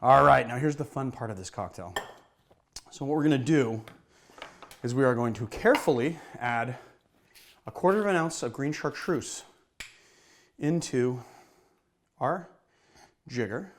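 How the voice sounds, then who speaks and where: A man's voice: mid-range voice, lively intonation, a little slow, pauses often, a little hiss or hum. A man hosting a casual cocktail-making lesson, chatting easily and a little out of breath as he mixes and shakes drinks. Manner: chatty, self-deprecating, talks while mixing and shaking. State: slightly out of breath. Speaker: bartender and cocktail show host.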